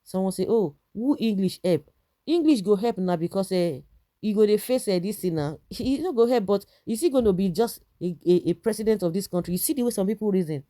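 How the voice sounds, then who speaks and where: A woman's voice: mid-range voice, lively intonation, fast, dark tone. A woman with a Nigerian accent giving indignant political commentary, firing rhetorical questions and restarting her sentences.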